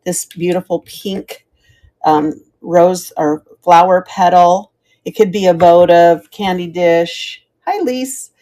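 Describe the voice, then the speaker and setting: In a lowish, warm voice at a slow pace, a middle-aged woman chats on a live stream while auctioning vintage pieces, thanking each viewer by name.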